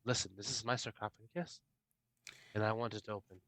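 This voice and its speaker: A man's voice: fairly low pitch, fairly even intonation, a little fast, fairly bright tone. A man playing a tabletop game, stubborn and insistent. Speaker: player.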